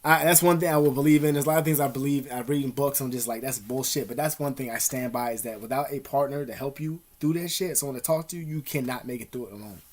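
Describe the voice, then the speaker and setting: A man's voice: medium pitch, fast talker, hardly any pauses. A young man giving blunt, profane advice to camera at home in casual street slang, calling the listener "dog" and "man". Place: at home, dogs nearby.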